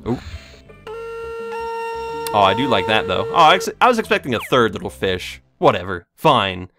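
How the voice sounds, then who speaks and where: A man's voice: lowish voice, very animated, a little fast, over music. A young man giving casual, jokey gameplay commentary with sarcastic, rambling asides. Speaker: let's play host.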